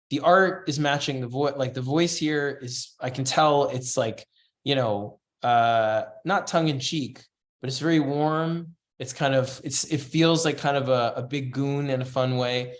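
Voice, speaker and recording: A man's voice: mid-range voice, normal speed. A man teaching a comics writing class, talking loosely and reading bits of a script aloud as he critiques it. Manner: loose, chatty, reads comic lines aloud in passing. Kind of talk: casual online class critique.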